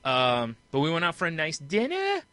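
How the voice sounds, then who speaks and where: A man's voice: fairly high pitch, huge pitch swings, normal speed, fairly bright tone, no echo. A man co-hosting a podcast in casual chat, joking and laughing often with crude banter. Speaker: podcast co-host.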